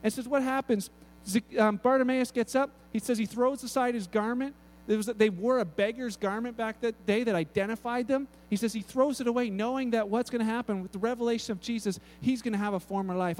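A male pastor delivering a sermon, telling stories with lively acted-out voices and often repeating words as he goes. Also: sits high, fairly quick. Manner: animated storytelling, acts out voices, frequent repeated words.

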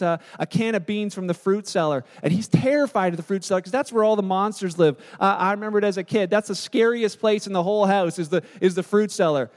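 A male pastor preaching a sermon in a relaxed, conversational storytelling way. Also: high voice, long reverb tail.

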